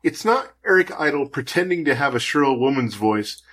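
A man co-hosting a casual film podcast, talking in a measured way and making dry jokes. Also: medium pitch, animated, a bit bright. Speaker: podcast co-host.

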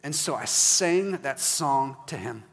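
Man in his 40s, pastor: lively sermon storytelling, then quiet reflective prompts, long church-hall echo. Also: mid-range voice, takes it slowly, gravelly, husky. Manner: animated storytelling, acts out dialogue, softens to quiet prayer prompts. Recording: reverberant hall.

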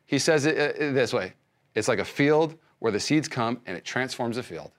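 A male pastor giving a sermon, speaking conversationally with many restarts and swinging between loud emphasis and soft hushed lines. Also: mid-range voice. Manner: frequent fillers and restarts, conversational preaching.

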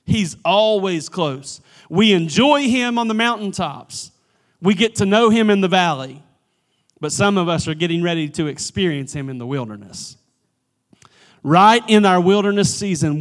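A man preaching a church sermon, swinging from emphatic pleading to hushed, near-whispered lines and often repeating the first word of a phrase. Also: high-pitched. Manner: repeats words at starts of phrases. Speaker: pastor.

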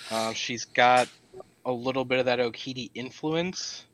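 A man guesting on a casual podcast round table, relaxed and joking. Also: mid-range voice, measured pace, slight background noise, poor audio.

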